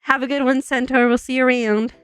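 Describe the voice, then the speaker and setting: A young woman streaming from home, chatting casually with viewers, bubbly and chatty, full of "like" and quick laughs. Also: high voice, fairly even intonation, clear, resonant tone, no echo. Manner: says "like" a lot. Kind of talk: casual chat with chat readers. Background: soft background music.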